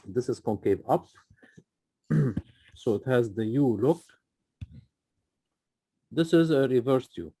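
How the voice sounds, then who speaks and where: A man's voice: mid-range voice, expressive, slow pace, long pauses, mellow, breathy edge, no room sound. A man tutoring a student through a math problem, patient and often checking in with "okay?". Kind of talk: live tutoring session.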